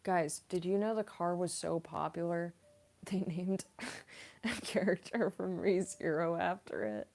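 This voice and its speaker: Slow, mellow-voiced young woman streamer. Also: fairly low pitch, vocal fry. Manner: chatty and giggly, coos at her cat. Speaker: voice actress streaming. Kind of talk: casual live-stream chat.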